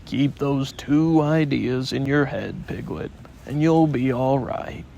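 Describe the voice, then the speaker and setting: A man voicing a gloomy old male donkey who talks in a slow, dry, mournful way. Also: medium pitch, vocal fry, warm tone, lo-fi sound, a little hiss or hum.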